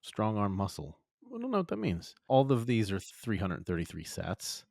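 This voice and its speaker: A man's voice: lowish voice, wildly swooping pitch, moderate pace, creaky, darkish tone, no echo, studio quality. A man co-hosting a podcast in casual chat, laid-back and opinionated, swearing now and then. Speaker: podcast co-host. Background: chickens.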